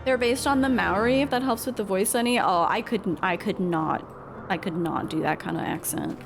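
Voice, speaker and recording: A young woman chats casually while she streams a game, drifting into rambling, self-deprecating asides. Her voice sits at a middling pitch. Game music plays clearly behind her. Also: moderate pace. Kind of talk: casual gameplay chat, reading game dialogue aloud.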